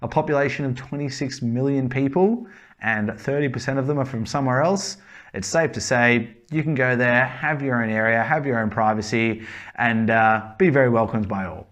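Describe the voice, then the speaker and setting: A man's voice: medium pitch, moderate pace, a bit bright. Blunt, swearing Australian man. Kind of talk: casual opinionated talk.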